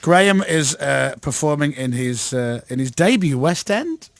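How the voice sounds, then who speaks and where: Teasing male radio host, lively voice. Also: on the high side, vocal fry, dry recording. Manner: teasing, quick-fire questions. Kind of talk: casual studio banter. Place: radio studio. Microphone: studio microphone.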